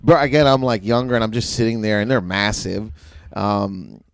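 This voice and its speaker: Low-voiced man telling rambling stories. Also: fairly even intonation, moderate pace, creaky, clear, resonant tone, dry recording, clean studio sound. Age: young adult. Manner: rambling, laughing storyteller who acts out quotes loudly. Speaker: podcast guest. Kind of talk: casual storytelling chat.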